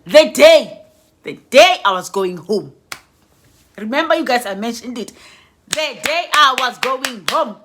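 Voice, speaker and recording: A middle-aged woman tells a storytime vlog in a very high voice. She is dramatic and expressive and mimics bangs and blasts aloud. Her tone is bright and forceful. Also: measured pace, pauses often. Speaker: vlogger telling a story.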